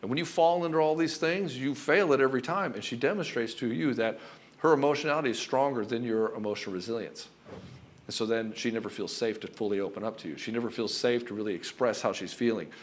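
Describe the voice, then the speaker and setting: A man coaching married men in a direct advice monologue. He is blunt and profane, repeats his points, and swings between loud punchy bursts and low, calm stretches. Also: quick pace, slight background noise.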